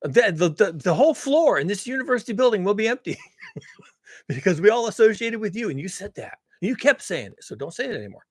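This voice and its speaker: A man doing a frantic, shrill male boss. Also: big pitch swings, a little fast, slightly rough, no room sound, studio quality, exaggerated voice. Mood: panicked. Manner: frantic, pleading, raised voice. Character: panicked male boss scolding a colleague.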